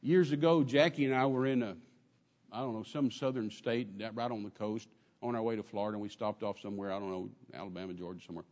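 A man preaching a sermon in an animated way, acting out quotes and dropping at times to a soft murmur. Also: lowish voice, fast talker, long reverb tail. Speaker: pastor.

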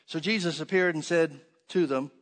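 Emphatic preacher man, loud then hushed. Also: on the high side, moderate pace. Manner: reads scripture aloud, then explains it conversationally with rhetorical questions; swings between loud emphatic stresses and hushed asides. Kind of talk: sermon.

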